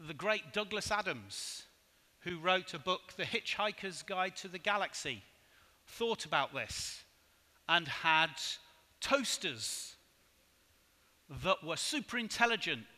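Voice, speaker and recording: A man giving a conference keynote in a hotel hall, measured and asking the audience rhetorical questions. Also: sits high, expressive, bright, forceful tone. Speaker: conference speaker. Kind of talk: keynote presentation. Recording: hall reverb.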